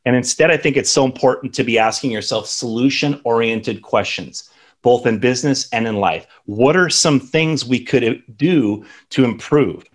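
A man's voice: medium pitch, moderate pace. A man in his thirties teaching a lesson on feedback in a conversational way, often tagging his sentences with "right?". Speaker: instructor.

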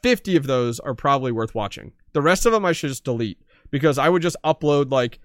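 In a laid-back podcast chat, this co-host tells stories with energy, voicing both parties in each exchange. He talks fairly quickly at medium pitch, and the studio-quality recording is dry.

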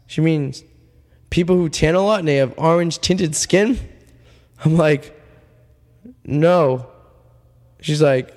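A male radio host, telling a rambling, deadpan absurd story full of fillers, his voice getting worn. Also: fairly high pitch, slow, long pauses, in a large hall. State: losing his voice. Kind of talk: casual storytelling monologue.

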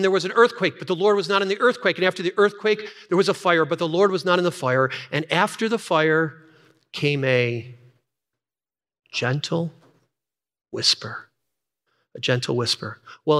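A pastor in his sixties preaches a sermon, repeating key lines and swinging from energetic, high, fast passages to hushed, near-whispered emphasis. A long hall reverb colors the recording.

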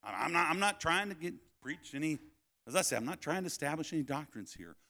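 A man with a bright, ringing voice delivers a camp-meeting sermon. He tells a family story in an animated way, moving from near-shouted proclamations to soft, hushed asides. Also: fairly high pitch, fast. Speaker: preacher.

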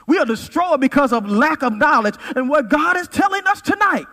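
A pastor in his forties preaching a sermon, swinging from loud peaks to quiet asides. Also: very high-pitched, animated, a little fast. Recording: reverberant hall.

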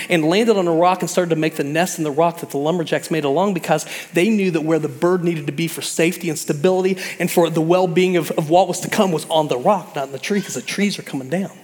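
A man preaching a sermon in an animated way, acting out voices of God and Jonah as he speaks. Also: high voice, in a large hall. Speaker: pastor.

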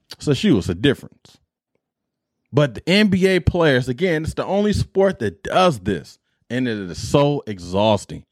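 Middle-aged male podcast host, lively exasperated rant, dry close sound. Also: mid-range voice, no echo. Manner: animated, exasperated ranting with repetition.

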